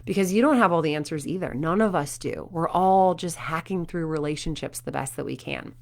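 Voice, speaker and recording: Animated woman coach talking to parents. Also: low voice, fairly quick, vocal fry. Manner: animated storytelling with acted quotes. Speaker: performance coach.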